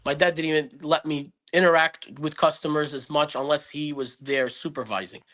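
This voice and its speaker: A fairly high, steady voice with a fairly bright tone, delivered at normal speed, belongs to a man guesting on a podcast. He reflects earnestly on a personal story, meandering with many restarts, as in casual interview storytelling.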